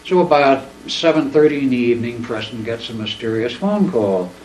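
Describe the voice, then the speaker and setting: A man's voice: mid-range voice, moderate pace. Man telling a rambling story in a roomy living room. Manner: rambling, animated, acts out quoted dialogue. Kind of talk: casual anecdotal storytelling. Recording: roomy, distant mic, faint background noise.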